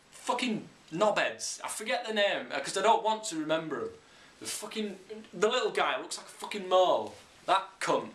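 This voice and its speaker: A man's voice: on the high side, fairly bright tone. Sweary English man ranting about football. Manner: blunt and sweary, opinionated. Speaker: football vlogger. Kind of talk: casual ranting monologue. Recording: echoey room.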